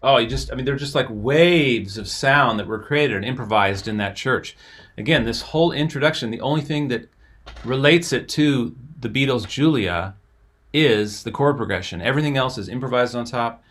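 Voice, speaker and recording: A man's voice: mid-range voice, moderate pace, a bit bright. Man talking through a song. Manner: explanatory, enthusiastic, talks over playing music. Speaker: host and musician. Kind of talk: casual music commentary.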